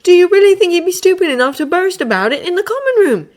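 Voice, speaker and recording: Woman reader's boy wizard: high-pitched, exasperated, dry and cutting. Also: expressive, moderate pace. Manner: sardonic, exasperated, groaning. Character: sharp-tongued exasperated schoolboy wizard. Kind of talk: fan audiobook character voice.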